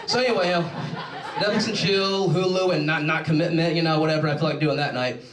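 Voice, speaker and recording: A young adult man doing a rambling, animated stand-up comedy set on a stage. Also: on the high side, fast, crowd noise. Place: show stage in a large room. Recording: echoey room, mic from far off.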